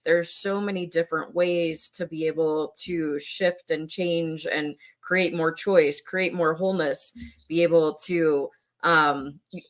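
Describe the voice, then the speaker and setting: A middle-aged woman talking casually as a podcast guest, loose and full of fillers, lively when retelling things. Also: sits low, takes it slowly. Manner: conversational, filler-heavy, animated when quoting her son. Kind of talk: casual conversation.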